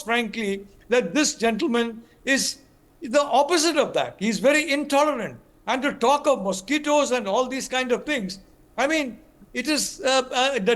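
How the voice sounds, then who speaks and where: A man's voice: very high-pitched, a bit bright. An older man with an Indian English accent, a panelist in a TV news debate, speaking emphatically with frequent restarts and repeated words.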